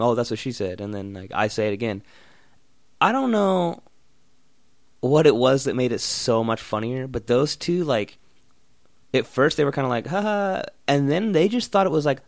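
A young man in a casual, profane rant, blunt and loud in bursts, then muttering. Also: medium pitch, no room sound, studio quality. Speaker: vlogger.

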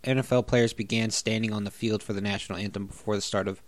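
A man chatting on a podcast in a low voice, soft-spoken and a bit halting. The sound is dry and close, with no room around it. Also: fairly even intonation, no echo. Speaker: podcast co-host. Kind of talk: casual chat, reading notes aloud.

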